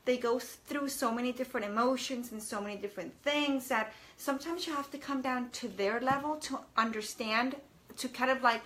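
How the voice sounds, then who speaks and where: A woman's voice: fairly high pitch, fairly bright tone. A woman in her thirties chatting casually to camera as a parenting vlogger, rambling a little with fillers and restarts.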